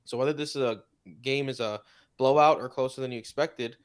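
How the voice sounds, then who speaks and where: A man's voice: medium pitch, fairly even intonation, a little fast, smooth. A man co-hosting a fantasy football podcast, running through stats and teasing his co-host. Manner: teasing, stat-driven. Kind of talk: casual fantasy football analysis.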